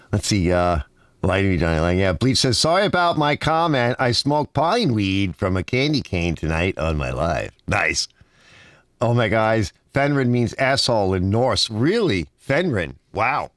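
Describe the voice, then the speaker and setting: New York man with a lively, animated voice. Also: on the low side, dry recording, studio quality. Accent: heavy New York. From Long Island, New York. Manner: storytelling, animated, fillers like "right?" and "you know?". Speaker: livestream host. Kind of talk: casual livestream chat reading comments. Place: home garage.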